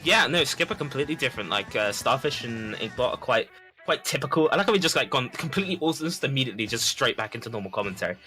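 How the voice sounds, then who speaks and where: Guy doing esports commentary, bright voice, stumbles over words, faint music behind. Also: mid-range voice, lively intonation. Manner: rapid, repeats words, chatty.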